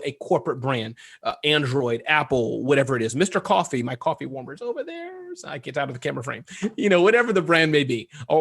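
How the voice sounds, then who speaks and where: A man being interviewed as a guest entrepreneur, talking fast and animated and joking as he goes. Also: fairly high pitch, husky. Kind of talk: casual interview talk.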